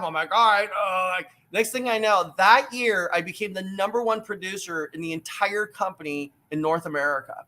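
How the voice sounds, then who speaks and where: A middle-aged man tells a story with lots of energy over a video call. His voice sits high and sounds bright and forceful, and he leans hard on key words. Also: brisk, few pauses. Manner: energetic, emphatic, acts out quoted voices. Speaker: book author guest. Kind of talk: animated storytelling.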